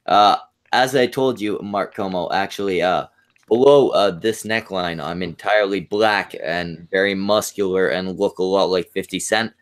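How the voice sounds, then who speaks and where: A man co-hosting a casual podcast from a home mic, trading crude jokes in a halting, deadpan way full of fillers and restarts. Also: sits low. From Canada. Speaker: podcast co-host.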